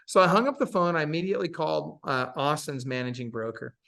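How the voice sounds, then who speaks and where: A man as a podcast guest, telling stories in an emphatic, sarcastic, animated way. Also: a little high, quick pace, gravelly. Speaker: podcast guest, real estate coach. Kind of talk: casual storytelling interview.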